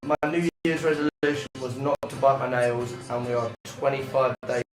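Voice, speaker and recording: Jokey band member in a roomy room, talking loosely over music. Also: male voice, medium pitch, moderate pace. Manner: jokey, relaxed banter. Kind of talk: casual interview.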